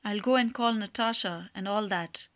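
A woman's voice: medium pitch, moderate pace, fairly bright tone, no echo, close to an everyday voice. A woman reading the part of a gushing older male landowner who showers his guest with fond names. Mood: overjoyed. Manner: fawning, heaps on endearments.

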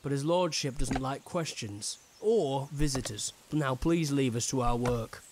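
An actor playing a gruff woodcutter foreman in a narrative game, with a Northern English accent and a blunt, curt manner. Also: mid-range voice, a little slow, noisy background, close to an everyday voice. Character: gruff working-class woodcutter foreman, middle-aged.

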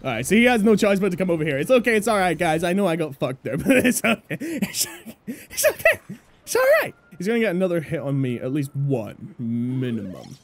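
A young woman giving loud, excitable gameplay commentary, swearing and laughing often. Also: fairly low pitch, a little fast, faint music behind. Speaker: gameplay streamer.

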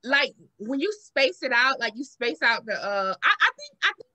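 A woman with a Southern accent hosts a casual podcast chat, telling stories with lively acted-out quotes. Her voice sits high and sounds bright and forward. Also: normal speed, highs cut off. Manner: animated storytelling, acts out quotes with big pitch jumps. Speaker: podcast host.

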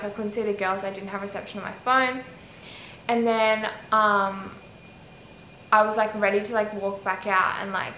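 A young Australian woman telling a travel story to camera in a rambling, chatty way, filling her speech with "like". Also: mid-range voice. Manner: rambling, heavy use of "like", animated retelling. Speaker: travel vlogger. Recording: echoey with faint ambient noise.

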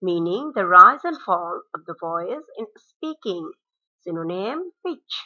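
A woman teacher, reading out English words and their meanings slide by slide in a measured classroom cadence. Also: on the low side, sing-song. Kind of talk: slide-based vocabulary lesson. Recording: dull lo-fi recording.

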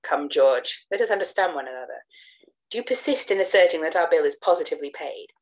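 A woman voicing an indignant young gentleman who shouts his claim in loud, high bursts. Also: expressive, a little fast. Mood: incredulous. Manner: loud, high, emphatic outbursts.

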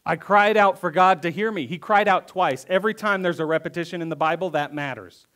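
A pastor preaching a conversational sermon, reading verses aloud and then acting them out with emphatic repetition. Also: male voice, high voice, a little fast, sharp tone. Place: church.

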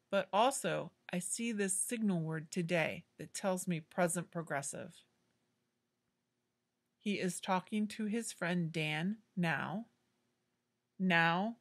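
A woman teaching an English grammar lesson, explaining slowly and clearly in a patient way. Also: fairly low pitch.

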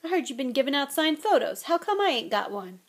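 A woman voicing a huge, gruff male half-giant groundskeeper who talks loudly and bluntly, growling, in an audiobook reading. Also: sits high, very animated, brisk, pitched above the performer's own voice. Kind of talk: audiobook character voice.

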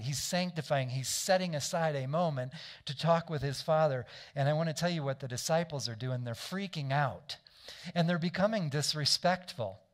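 A man preaching a sermon in a conversational way, often asking the congregation to agree and correcting himself as he goes. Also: a little high. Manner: frequent restarts and self-corrections. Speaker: pastor.

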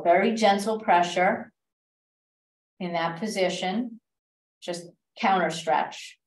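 A woman instructor guiding a stretch class with calm, step-by-step cues and gentle reminders, recorded in a library class room. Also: medium pitch. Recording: echoey room, voice from a distance.

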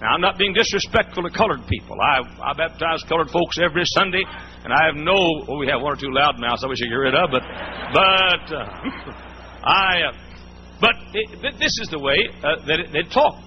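A man's voice: fairly high pitch, animated, moderate pace. A man pastor preaching a sermon, telling folksy stories and often repeating and restarting his words. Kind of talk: storytelling sermon. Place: church before a congregation. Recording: muffled old sermon tape with faint hum.

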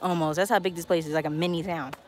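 A woman's voice: on the low side, fairly even intonation, quick pace, darkish tone. A woman hosting a travel vlog live stream while walking outdoors, chatting casually and reading viewer comments aloud. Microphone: handheld phone camera. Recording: noisy outdoor phone audio.

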